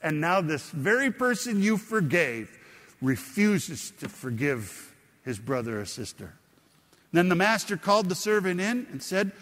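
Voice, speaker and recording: A man's voice: a little high, very animated, unhurried, a bit bright. Preaching man in a reverberant hall. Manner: explanatory, conversational preaching with questions to the congregation. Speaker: pastor. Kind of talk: sermon.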